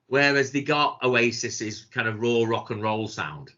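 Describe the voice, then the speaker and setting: A man chats as a podcast co-host, spinning sweary anecdotes and slipping into the voices of the people in them. His voice sits at a middling pitch. The recording is muffled and lo-fi. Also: a little slow, pushed and bright. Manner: sweary storytelling, mimics quoted people. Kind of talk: casual chat. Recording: dull lo-fi sound.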